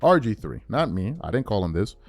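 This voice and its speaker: A man's voice: fairly low pitch, sing-song, fairly quick, darkish tone, no echo. A man hosting a sports commentary channel, delivering an emphatic, repetitive opinion rant straight at his viewers.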